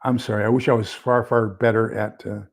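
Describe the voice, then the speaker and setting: A man with a lowish, level voice hosts a casual live stream at a fairly quick pace, full of fillers. He reads a document out loud and fumbles with his screen share.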